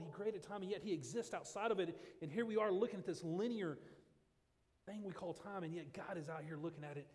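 A man preaching a sermon as pastor, earnest and halting, often restarting his phrases. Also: a little high, darkish tone, big-room sound.

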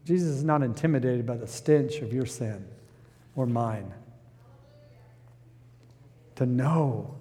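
A man's voice: a little high, in a large hall. A man preaching a sermon as pastor, reading scripture and building to impassioned, emphatic passages. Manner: preaches with rising intensity, quotes scripture.

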